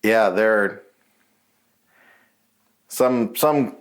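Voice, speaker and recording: A man paranormal investigator talking casually in a halting, hesitant way during a ghost hunt. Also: on the low side. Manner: halting, hesitant, often restarting sentences.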